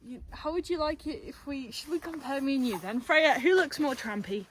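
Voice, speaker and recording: A woman's voice: high voice, brisk, a little hiss or hum. A young woman who works with the horses and edits the videos, talking in a playful, jokey way. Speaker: stable worker and video editor. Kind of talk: casual chat.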